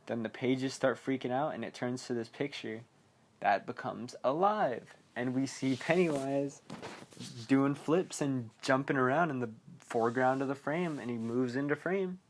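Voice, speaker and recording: Recapping a horror movie at a moderate pace, a male podcast host with a medium-pitched voice wanders casually through the plot. He leans heavily on filler words and laughs at his own comments.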